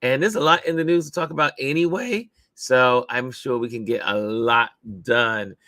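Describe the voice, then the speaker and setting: A man's voice: medium pitch, normal speed, pushed and bright, dry recording. Chatty upbeat man hosting a live stream. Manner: upbeat, chatty, laughs often while greeting viewers. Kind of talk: casual chat.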